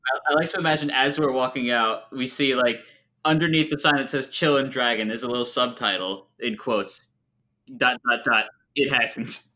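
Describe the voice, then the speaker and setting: A man at a tabletop game table, cracking dry jokes. His voice sits at a middle pitch and is bright and forceful. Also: normal speed. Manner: dry, joking asides. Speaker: player.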